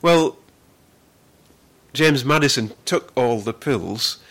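A man preaching a sermon as pastor, earnest, with frequent repeated words, who slows down to stress the scripture he reads. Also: medium pitch, animated, fairly bright tone.

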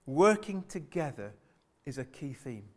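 Speaking a little slowly and with great animation, a male preacher addresses his congregation in a fairly high voice. His earnest sermon loops back over repeated phrases, punctuated by rhetorical questions to the church.

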